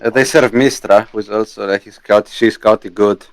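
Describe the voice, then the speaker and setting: A man's voice: on the low side, fairly even intonation, normal speed, no room sound. A man playing in a tabletop game, answering lore questions matter-of-factly. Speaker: player. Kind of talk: casual tabletop game chat.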